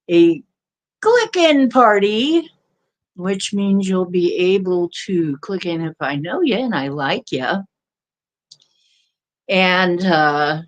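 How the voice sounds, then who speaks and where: A woman hosting a casual livestream of readings, joking playfully and giggling to herself as she greets viewers. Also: on the low side. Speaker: livestream host giving readings.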